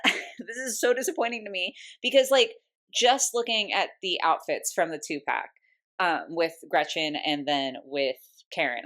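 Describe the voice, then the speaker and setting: A young woman with an American accent and a slightly low voice talks through a doll review in a loose, chatty way. She keeps saying "like" and gives her opinions openly, with a hiccup here and there. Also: fairly bright tone. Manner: chatty, frequent "like" fillers, candid opinions. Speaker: doll collector vlogger. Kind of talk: casual review chat. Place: home room.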